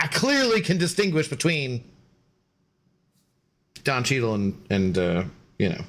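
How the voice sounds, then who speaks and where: A man's voice: fairly high pitch, lively intonation, unhurried, long pauses, fairly bright tone. A man chatting casually on a gaming live stream, rambling, joking and answering chat.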